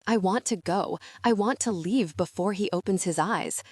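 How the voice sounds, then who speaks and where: A woman narrating a fantasy audiobook in the first person, in a measured, steady way. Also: mid-range voice, breathy edge, no echo.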